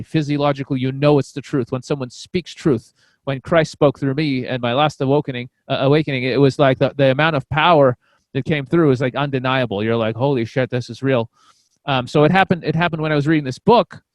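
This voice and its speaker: A comedian on a podcast telling a story in a casual, rambling way, full of fillers and restarts. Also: male voice, mid-range voice, no room sound. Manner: acts out quoted voices.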